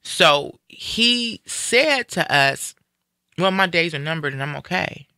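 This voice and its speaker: A man in a casual live-stream conversation, retelling a personal story in an animated way and acting out what people said. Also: on the high side, slow pace, no echo, studio quality. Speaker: guest sharing a personal story.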